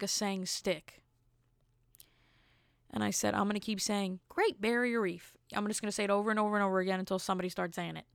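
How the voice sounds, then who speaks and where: A woman's voice: medium pitch, vocal fry, clear, resonant tone, dry recording, studio quality. A young woman hosting a casual solo podcast, telling rambling, self-amused stories with jokey asides. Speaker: podcast host.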